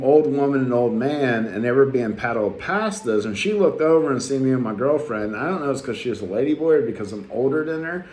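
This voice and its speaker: A man past his youth, talking bluntly in a rambling travel vlog full of fillers and restarts. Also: mid-range voice. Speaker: travel vlogger. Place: his apartment.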